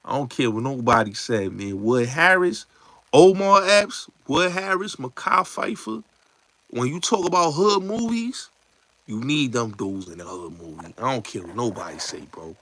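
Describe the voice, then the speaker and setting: A man, hosting a show, chatting casually and acting out movie lines in slangy, animated talk. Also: mid-range voice, moderate pace, dry recording. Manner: slangy, repeats yo and son. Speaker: show host.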